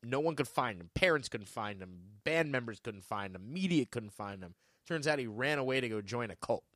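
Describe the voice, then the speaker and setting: A man's voice: mid-range voice, animated, fairly bright tone, no echo, studio quality. A man co-hosting a trivia podcast, chatting casually with jokes and rambling asides. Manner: joking, rambling, quick asides. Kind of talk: casual chat.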